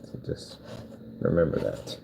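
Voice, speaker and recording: A man chatting casually and rambling as he builds a cardboard project, talking half to himself. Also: a little slow. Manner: meandering, talks to himself while working. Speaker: vlogger building cardboard PC cases. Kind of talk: casual rambling chat while crafting. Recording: background noise with clicking.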